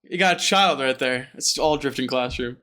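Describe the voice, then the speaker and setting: With a crowd audible behind him, a man with a medium-pitched voice speaks at normal speed as host of a laid-back book podcast. His chapter recap is full of profanity and jokes, and he performs characters' lines in quotes.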